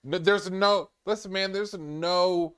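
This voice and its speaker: Young man, from New York, smooth clear voice, casual podcast chat, animated, lots of fillers. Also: high-pitched, slow pace. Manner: animated, loose, many fillers. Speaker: podcast guest.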